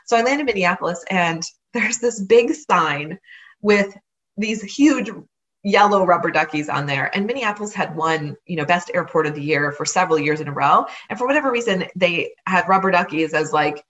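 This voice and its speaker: A woman's voice: on the low side, animated, moderate pace, fairly bright tone, low-quality recording. A woman hosting a motivational podcast, telling a personal story in an earnest, encouraging way and repeating phrases for emphasis. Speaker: podcast host.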